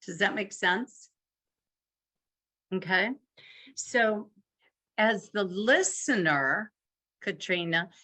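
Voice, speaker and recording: A woman's voice: medium pitch, a bit bright. A woman leading a live marriage workshop, coaching couples step by step and acting out example phrases.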